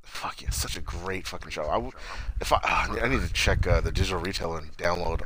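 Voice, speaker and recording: A man in casual, profane banter with a friend, excitedly recounting a sitcom episode. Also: deep voice, fairly quick, slight background noise, low-quality recording. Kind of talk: casual chat.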